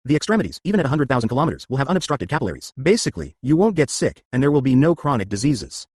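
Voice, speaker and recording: An exercise and breathing instructor guides listeners through stretches and breathing drills, coaching them with one step-by-step command after another. His husky, dry voice is recorded with no room sound, and his pitch rises and falls lively as he fires off instructions at a rapid clip.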